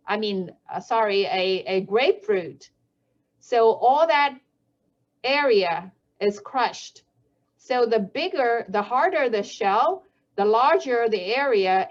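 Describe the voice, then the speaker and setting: A woman with a Chinese first language, a helmet safety researcher, explaining things slowly and carefully, with frequent fillers and self-corrections. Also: fairly high pitch. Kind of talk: explanatory talk. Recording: dull lo-fi audio.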